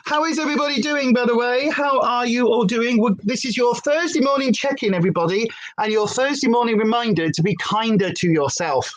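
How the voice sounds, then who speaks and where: A woman's voice: fairly high pitch, fairly quick, hardly any pauses, rough recording. A British woman hosting a casual livestream from home, chatty and prone to tangents, a former TV presenter telling stories. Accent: British English. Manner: chatty, wanders off on tangents, lively storyteller. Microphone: headphones with desk setup.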